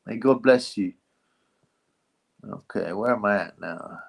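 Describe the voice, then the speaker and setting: A man's voice: fairly low pitch, unhurried, creaky. A middle-aged man hosting a live stream, chatting loosely and reading out donations with plenty of slang, swearing and fillers. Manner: rambling, slangy, swears freely, lots of fillers.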